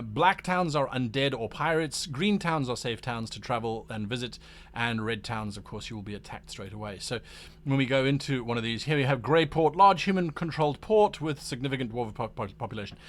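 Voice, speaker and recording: A man hosting a livestream about running tabletop games, talking casually while showing a map and acting out quoted voices. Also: on the high side. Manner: animated, acts out quoted voices. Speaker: game master and show host.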